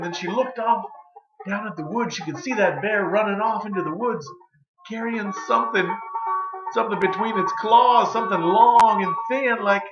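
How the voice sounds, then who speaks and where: A man telling a folk tale, drawling and dramatic, with hushed pauses. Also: sits high. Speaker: storyteller. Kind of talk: folksy storytelling. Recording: roomy, slightly dull recording.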